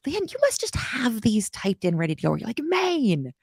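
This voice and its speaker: A woman's voice: medium pitch, wildly swooping pitch, fairly quick, vocal fry, slightly rough, no room sound, studio quality. A woman teaching coding on a live stream, chatty and self-deprecating, with playful asides and the odd whisper. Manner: slips into playful quoted voices and whispers.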